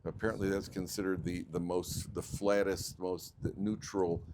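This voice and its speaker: A man with an American accent, a rabbi giving a joking, digressive Torah lecture with sudden jumps in pitch. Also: little pitch movement, moderate pace, noisy background. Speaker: rabbi teaching a weekly Torah class.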